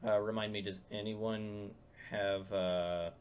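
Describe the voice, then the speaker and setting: A man running a tabletop game as game master, talking in a halting way with many fillers and restarts. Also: on the low side, flat delivery, clean tone. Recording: loud background guitar music.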